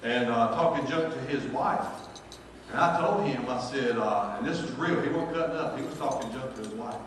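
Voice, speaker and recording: A man's voice: mid-range voice, moderate pace, a little hiss or hum. Male preacher, jokey storyteller, recorded from far off in a big echoey church. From North Carolina, US. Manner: folksy, jokey, builds to shouted praise. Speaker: pastor. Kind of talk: storytelling sermon. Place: large church sanctuary.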